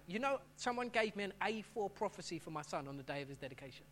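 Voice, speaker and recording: A man's voice: sits high, animated, quick pace, few pauses, fairly bright tone, slight background noise. A middle-aged man preaching a sermon as pastor, talking in a conversational way and often restarting his phrases.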